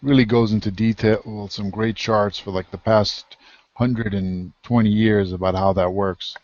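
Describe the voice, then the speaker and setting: A low-voiced man talks casually as the interviewer, recommending reading to the audience. The sound is muffled and lo-fi, with no room echo. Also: measured pace. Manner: relaxed, recommends reading to listeners. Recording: dry, dull lo-fi audio.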